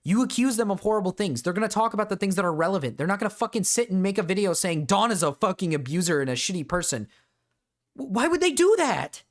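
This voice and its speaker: A man's voice: sits high, expressive, very fast, few pauses. A man streaming a reaction to a video, ranting in a profane, exasperated way at his chat. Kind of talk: reaction commentary.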